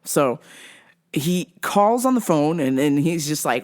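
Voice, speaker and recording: A woman's voice: sits low, unhurried. A woman in her thirties hosting a podcast, telling a work story casually with lots of profanity and laughter. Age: 30s. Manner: profane, laughs often, animated. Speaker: podcast host.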